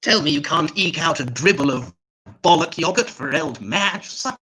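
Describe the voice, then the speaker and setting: A man's voice: fairly high pitch, animated, moderate pace, bright, forceful tone, husky, pitched above the performer's own voice, heavily acted. A man on a comedy set, voicing a needy woman in her fifties in a sad, weedy little voice. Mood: pleading. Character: needy woman of fifty-six begging for attention.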